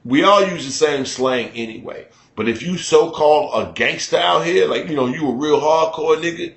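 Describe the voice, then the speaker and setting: A Chicago man hosting a radio show, telling stories in blunt, profane, animated chat. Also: mid-range voice, roomy sound. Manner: animated, blunt, swearing storyteller. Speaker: radio host.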